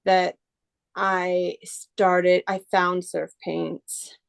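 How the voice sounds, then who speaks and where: A woman's voice: fairly low pitch, little pitch movement, drawn-out words, creaky, clear, resonant tone. A woman from the Bay Area, an artist who customizes shoes, talking casually in an interview and rambling with many restarts. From San Francisco Bay Area. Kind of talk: casual interview over video call.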